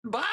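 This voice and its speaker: Male streamer, casual live chat, very unhurried delivery, playful and cooing. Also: very high-pitched, sharp tone, breathy edge. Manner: playful, coos over pets in baby talk.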